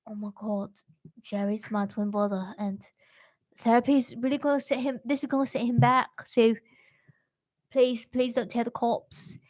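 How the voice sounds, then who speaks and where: A woman voicing a young man who poses as his own twin brother, speaking in a put-on accent and pleading in hushed asides. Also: a little high, steady tone, normal speed, lightly acted.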